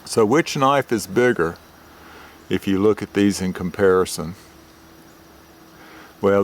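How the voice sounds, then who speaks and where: Older man, low pitch, methodical hobbyist reviewer, outdoor camera-mic audio. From United States. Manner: plain, methodical, explains details slowly. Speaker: retired forester reviewing knives. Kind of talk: show-and-tell knife review.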